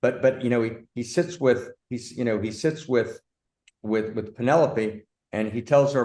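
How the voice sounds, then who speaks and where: A man hosting an animated film discussion, talking emphatically and breaking into excited bursts. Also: mid-range voice, normal speed. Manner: warmly addresses his partner as "my friend". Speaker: host, philosopher.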